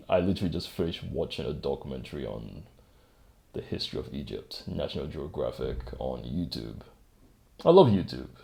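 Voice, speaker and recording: A man with a low, gravelly voice talks through his solo podcast from a home desk setup. He rambles and makes fun of himself, laughing often. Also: a little mellow. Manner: rambling, self-mocking, chuckles often. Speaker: podcast host. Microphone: desk microphone.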